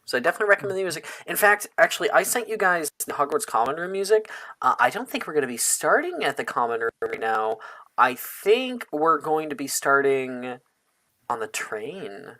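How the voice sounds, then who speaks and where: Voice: medium pitch, very animated, brisk, bright, forceful tone. Chatty, laughing game master. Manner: chatty, laughing, self-interrupting. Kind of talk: casual chat running a tabletop game.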